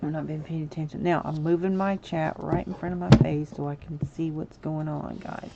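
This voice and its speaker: A woman with a low, gravelly, very mellow voice chats through a live game stream, apologizing to viewers and then suddenly exclaiming at what she sees. The audio is dull and lo-fi, with a faint hiss underneath. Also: fairly even intonation, fairly quick. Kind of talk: casual livestream chat while building in a game.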